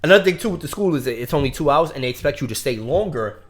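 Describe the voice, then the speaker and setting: A young man from Brooklyn, co-hosting a casual podcast and telling a long, profane story with big swings between low mutters and loud outbursts. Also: lively intonation, racing. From Brooklyn, New York.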